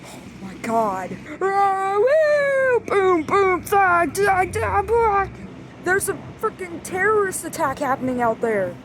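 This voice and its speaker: A woman acting out a plush toy story, switching between many character voices with excited shouted sound effects. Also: very high-pitched, slow, noisy background. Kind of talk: playful toy role-play narration.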